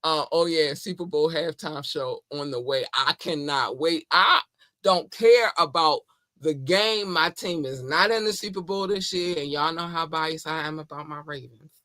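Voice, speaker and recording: A woman's voice: low-pitched, moderate pace, bright, forceful tone, dry recording, studio quality. A woman hosting her podcast in a casual monologue, effusive and playful, often laughing. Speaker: podcast host.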